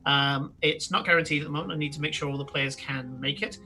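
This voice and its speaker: A man's voice: on the high side, steady tone, quick pace, pushed and bright. A man, game master of a live-streamed tabletop game, chatting loosely with many fillers and restarts. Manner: rambling, lots of fillers and restarts.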